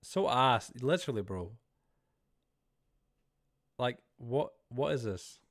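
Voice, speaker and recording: A man's voice: mid-range voice, expressive, slow pace, a bit bright. A man streaming live, chatting casually and rambling to his viewers while he plays, easily startled. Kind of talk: casual livestream chat while gaming.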